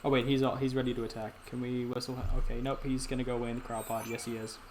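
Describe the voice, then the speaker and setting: A man's voice: medium pitch, level tone, racing, a little hiss or hum. A young man hosting a gaming channel, giving rambling casual commentary to viewers as he plays. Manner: rambling, talks to viewers, frequent restarts.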